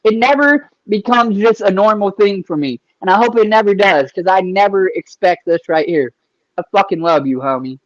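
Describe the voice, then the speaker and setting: A man hosting a casual interview, talking loosely with easy profanity and shout-outs to viewers. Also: high-pitched, moderate pace, no echo, dull audio. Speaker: podcast interviewer.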